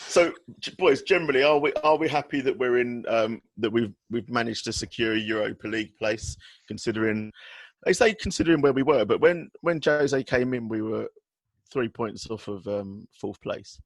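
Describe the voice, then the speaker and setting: A man's voice: mid-range voice, normal speed, dry recording. A middle-aged man hosting a casual football podcast, laid-back and joking, swearing freely. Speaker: podcast host. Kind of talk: casual chat.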